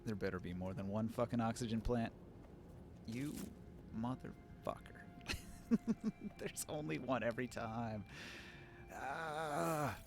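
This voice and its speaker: A man's voice: medium pitch, a little slow, pauses often. A man with a Pacific Northwest accent giving sardonic live commentary as he plays a game, swearing often. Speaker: game streamer.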